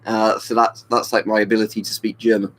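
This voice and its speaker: A man's voice: lowish voice, level tone, brisk, a little hiss or hum, rough recording. A young man from the UK, chatting casually on a live webcam stream and answering viewers by name. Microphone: webcam mic.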